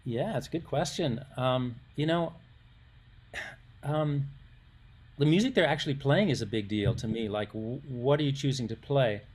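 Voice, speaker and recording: A man's voice: mid-range voice, moderate pace, darkish tone, slightly rough. Older male musician guest, casual anecdotal storyteller, rambling and self-interrupting.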